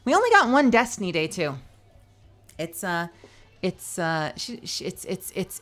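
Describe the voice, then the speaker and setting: A playful woman streamer chatting with her audience, her voice bright and sharp and swinging animatedly up and down. Soft music plays behind her. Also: lowish voice, big pitch swings, measured pace. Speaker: livestreamer. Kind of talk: casual chat with viewers.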